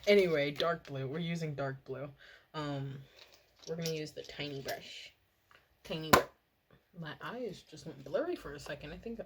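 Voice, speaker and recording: A young woman chatting casually while doing her makeup, rambling and excitable, swearing and laughing often. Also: sits low, moderate pace, background noise. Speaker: makeup and TV review vlogger.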